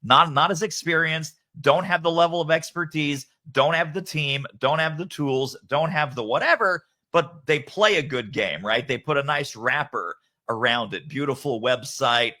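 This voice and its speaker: A man's voice: mid-range voice, bright, forceful tone. A man as a podcast guest author, speaking emphatically and rattling off lists of points. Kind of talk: podcast interview.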